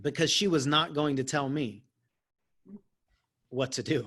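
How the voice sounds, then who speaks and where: A man's voice: fairly high pitch, measured pace, fairly bright tone. A man who works as a life coach, telling a story in a casual, self-mocking way and laughing often.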